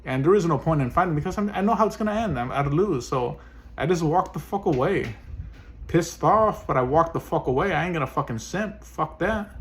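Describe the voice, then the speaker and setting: A man's voice: on the high side, animated, a little fast. A man venting in a personal vlog as a single dad, swearing often and sounding frustrated. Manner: profane, frustrated ranting.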